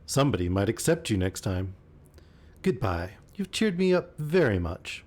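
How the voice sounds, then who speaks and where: A man's voice: on the low side, big pitch swings, moderate pace, darkish tone. A man reading aloud and voicing a lonely, wistful young woman who turns teasing.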